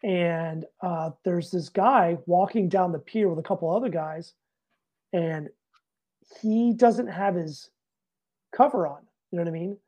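Animated, swearing man telling a story. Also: high voice, measured pace. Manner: animated, profane, acts out both sides of dialogue. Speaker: podcast guest, Navy master chief. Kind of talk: casual anecdote in an interview.

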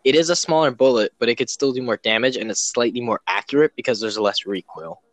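A man's voice: mid-range voice, fast talker, dry recording. A young man in casual chat, rambling and easily sidetracked as he explains things.

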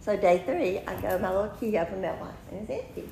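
A woman in her fifties, a podcast host, telling a personal story in an animated way, laughing often and acting out what people said. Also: medium pitch, a little fast, vocal fry. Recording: roomy room with faint noise.

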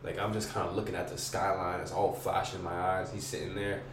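A young man with a slightly low voice spins a story in loose, profane slang, acting out voices as he goes. He sits back from the microphone in an echoey room with a faint hiss underneath. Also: fast talker, recorded from a distance. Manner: slangy and profane, lots of "bro" and "like"; excitable, acts out voices and screams. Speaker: podcast guest. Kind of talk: casual storytelling.

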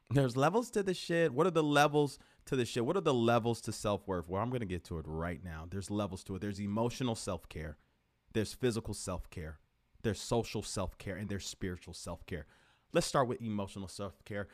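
A man hosting a podcast, giving an animated, profane, casual motivational talk full of repeated rhetorical questions. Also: medium pitch. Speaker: podcast host.

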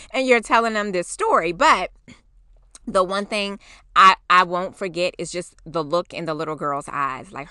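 A woman in her forties tells a story on her podcast with a bright, lively voice that swings high and low as she acts out what people said. She talks casually, swears freely, and the recording is dry and close. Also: dry recording. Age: 40s. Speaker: podcast host.

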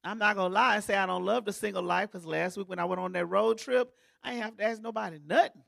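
A woman's voice: mid-range voice, fast, gravelly. A woman pastor giving a sermon in a folksy, joking, conversational way, as if in a church.

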